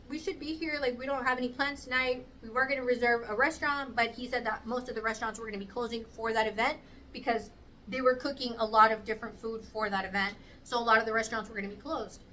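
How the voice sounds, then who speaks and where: A woman in her thirties telling a casual storytime vlog, animated and acting out the voices of the people she quotes. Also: high-pitched, distant mic, a little hiss or hum, rough recording. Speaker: vlogger.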